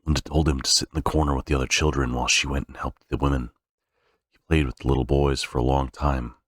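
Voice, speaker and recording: A man with an extremely deep voice sight-reads a novel aloud. He halts now and then, fixing slips and restarting phrases. The recording is dry and close. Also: little pitch movement, quick pace, dry recording. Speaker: reader. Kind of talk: unrehearsed novel reading.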